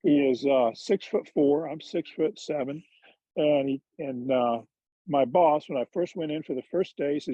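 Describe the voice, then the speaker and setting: Candid, self-deprecating storyteller, man, husky and mellow, dry lo-fi call audio. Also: on the high side, moderate pace, dry recording. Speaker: former tour golfer and TV commentator. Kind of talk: casual interview storytelling. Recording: dull lo-fi dry sound.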